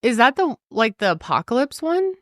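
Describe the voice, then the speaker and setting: A woman co-hosting a podcast, chatting casually and reading a forum post aloud in an animated way. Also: fairly high pitch, normal speed, dry recording, studio quality. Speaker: podcast co-host.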